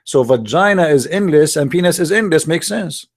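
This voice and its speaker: This online streamer's voice sits on the high side and moves at a moderate, animated clip. Debating callers through his computer microphone, he mocks his opponents in a polemic monologue full of sneering, sarcastic rhetorical questions.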